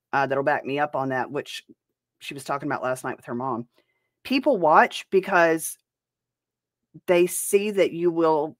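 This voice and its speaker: Woman, host, reaction commentary, blunt, profane, lowish pitch, dry close sound. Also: no room sound.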